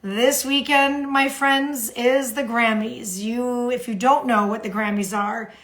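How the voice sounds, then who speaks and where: A woman from the United States hosting a live social media stream, animated and repeating phrases for emphasis. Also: on the high side, unhurried.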